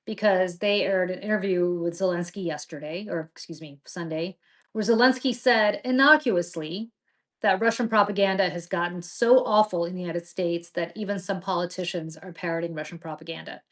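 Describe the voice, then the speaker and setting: A woman's voice: lowish voice, moderate pace. A middle-aged woman hosting a political talk show, talking with passion and indignation and often restarting her sentences. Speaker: podcast host.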